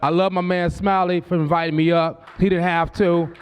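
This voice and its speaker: A man's voice: sits high, little pitch movement, normal speed, clean tone. A man in his forties from Southern California doing a stand-up comedy set on a club stage. He tells brash, profane stories and slips into quoted voices. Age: 40s.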